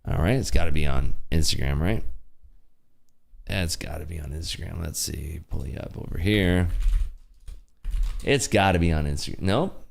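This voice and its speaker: A young man with a deep, gravelly voice chats casually on a trading livestream. He reads viewer comments aloud and jokes around, and his pitch swings widely from low grumbles up to excited highs. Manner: jokey, reads chat aloud, laughs often. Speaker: livestream host.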